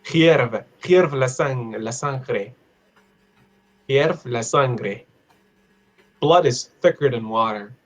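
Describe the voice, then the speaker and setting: A playful man teaches an online English class about idioms over a video call, laughing often and repeating phrases slowly. His voice is medium in pitch.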